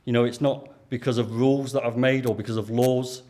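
A man's voice: medium pitch, fairly even intonation, fairly quick, mellow. Earnest Lancashire man preaching. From Lancashire, England. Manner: earnest, conversational, asks the listeners questions. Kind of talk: sermon.

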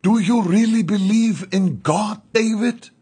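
A man voicing a devout young woman training as a nurse, who speaks in an insistent, pleading, slow and deliberate manner. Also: a little high, lively intonation, darkish tone, breathy edge. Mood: stern. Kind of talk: audiobook character voice.

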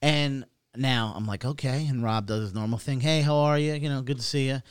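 A man's voice: medium pitch, fairly quick, clean tone. A man co-hosting a podcast, telling a rambling, profane story in casual chat and acting out the quotes. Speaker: podcast co-host.

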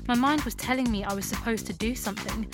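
A woman narrating a first-person erotic story in a calm, steady reading voice. Music runs clearly in the background throughout. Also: a little high, quick pace.

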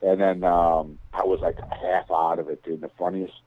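Low-voiced man on a tinny phone line. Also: level tone, moderate pace, dry recording. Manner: rambling storyteller, swears, mimics others. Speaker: interview guest. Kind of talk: casual chat.

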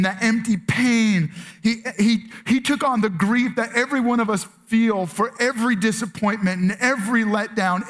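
Pastor, male, higher-pitched voice, earnest conversational sermon delivery. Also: a bit bright. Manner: earnest, conversational preaching with many fillers and restarts. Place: church with multiple campuses and online stream.

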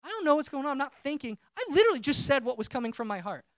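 Lively, expressive male preacher. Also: extremely high pitch, very fast, no echo, studio quality. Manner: conversational storytelling, self-interrupting. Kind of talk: personal testimony sermon.

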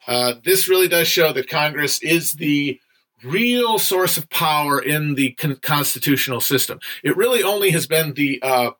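A man's voice: fairly high pitch, lively intonation, moderate pace, bright, forceful tone. A young man hosting a casual livestream book discussion, chatty and digressive, with frequent fillers and some swearing.

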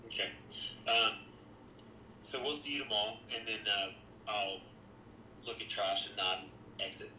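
A man playing a tabletop game, with brief, laid-back replies in a lowish, very bright and sharp voice. The sound is roomy and echoey, with faint noise behind. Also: a little slow, long pauses. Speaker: player.

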